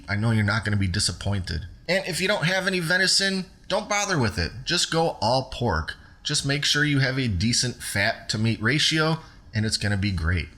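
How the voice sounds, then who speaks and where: The host of his own cooking show walks through a home recipe step by step, chatty and upbeat. His voice has an ordinary middle pitch for a man and a sharp tone.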